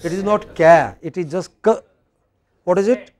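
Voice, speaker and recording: A man with an Indian English accent teaching a university class, speaking slowly and emphatically and quizzing his students. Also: high voice, steady tone. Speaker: lecturer. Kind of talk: classroom lecture.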